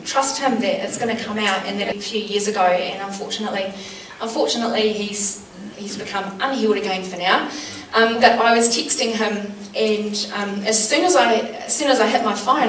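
A woman shares faith stories with a small group, earnest and animated, pausing on fillers as she goes. Her voice sits in a middle register. It reaches the mic from a distance in an echoey room with a faint hum of ambience. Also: mid-range voice. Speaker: church speaker. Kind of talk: teaching with personal testimony. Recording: roomy sound from a distant mic, faint background noise.

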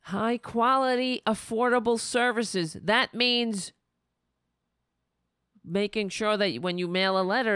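A woman's voice: on the high side, takes it slowly, long pauses, a bit bright, clear, resonant tone, no room sound, clean studio sound. A woman hosting a political commentary show, delivering an indignant, sarcastic monologue. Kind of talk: opinionated monologue.

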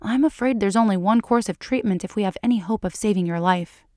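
A woman's voice: medium pitch, brisk, warm tone, dry recording, clean studio sound, natural voice. A woman voicing a composed female doctor who speaks in a level, haughty, clinical way.

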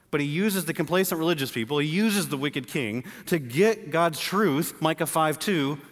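Male pastor, lively jokey sermon delivery, fairly high voice, long room reverb. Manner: animated, jokey storytelling with acted-out voices. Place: church building.

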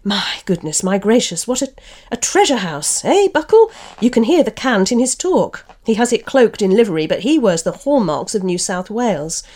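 A woman reading aloud the part of an excitable young male writer and showman from a novel. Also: mid-range voice, normal speed, hardly any pauses. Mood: excited.

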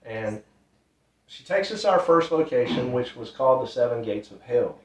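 In a medium-pitched, expressive voice at a moderate pace, a ministry storyteller shares his testimony earnestly and casually, repeating himself and using loose grammar. The recording sounds roomy, distant and dull.

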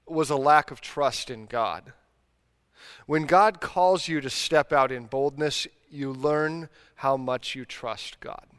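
A man in middle age delivers a sermon from the pulpit, talking to the congregation as if chatting with friends and chuckling at his own failings. His voice sits a little high and stays smooth and resonant. A long reverb trails each phrase, as in a large sanctuary. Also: fairly bright tone. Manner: conversational storytelling with self-deprecating laughs. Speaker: pastor.

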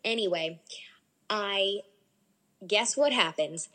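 A young adult woman telling a story as a podcast guest in a casual, animated way, with lots of "like" fillers. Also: medium pitch, slow pace. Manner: animated, many "like" fillers, excitable.

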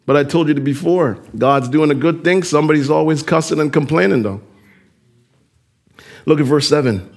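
A man preaching a sermon as pastor, animated and addressing the congregation with direct questions. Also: a little high, normal speed, creaky.

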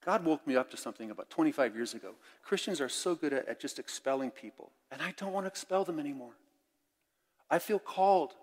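An older man preaching a sermon as pastor, candid and conversational, swinging between loud and hushed. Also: a little high, lively intonation, quick pace. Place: church sanctuary. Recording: long church reverb.

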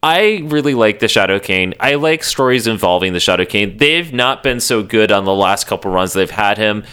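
A podcast co-host with a lowish, smooth, resonant voice chats in a relaxed, everyday way at normal speed. He rambles loosely, swears casually, and peppers his sentences with "like".

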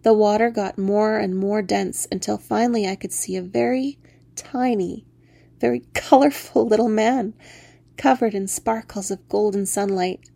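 Woman reading her own story out loud, laughs a lot, mellow gravelly voice. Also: medium pitch, unhurried, no echo. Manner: expressive, laughs often while reading. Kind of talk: storybook narration.

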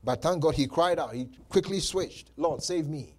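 A man's voice: on the high side, normal speed. A male pastor preaching a sermon, repeating phrases and laughing between points. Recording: live church service.

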